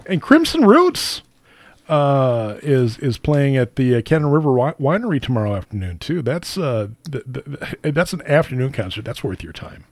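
A man's voice: mid-range voice, very animated, moderate pace, no echo. A man hosting a local radio show, chatting casually about weekend events with plenty of fillers and restarts. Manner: rambling, many fillers and restarts. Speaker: radio host.

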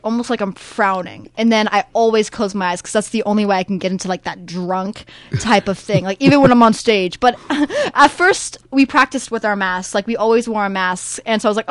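A young woman actor chats eagerly in a studio interview, with lots of fillers, a mid-pitched voice and dry, close sound on a studio mic. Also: clear, resonant tone, dry recording. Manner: eager, chatty, many fillers. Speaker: young stage actor, guest. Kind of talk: interview chat.

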